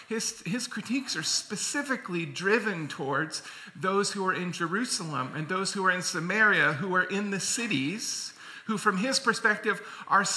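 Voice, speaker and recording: Male preacher, bright and sharp tone, chatty sermon with restarts. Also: high voice. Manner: conversational, self-correcting, with repeated words.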